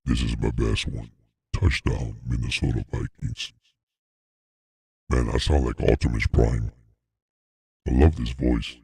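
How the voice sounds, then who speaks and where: A man using a voice-changing mixer to voice a booming, very deep male announcer with a gravelly, proud delivery. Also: level tone, measured pace, pauses often, warm tone, no echo, heavily acted. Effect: voice changer pitched far down.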